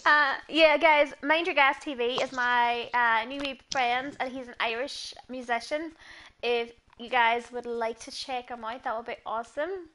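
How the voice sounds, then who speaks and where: A woman streaming a horror game live, hoarse and laughing often as she chats to viewers and a friend. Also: a little high, fairly even intonation, moderate pace, pushed and bright. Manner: giggly, chatty, talks to viewers. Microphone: earpiece headset.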